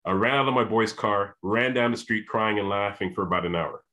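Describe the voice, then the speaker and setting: A man telling a long personal story, animated, often restarting his sentences and acting out what people said. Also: fairly low pitch, brisk. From Canada. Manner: animated, repeats and restarts, acts out quoted voices. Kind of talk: storytelling monologue.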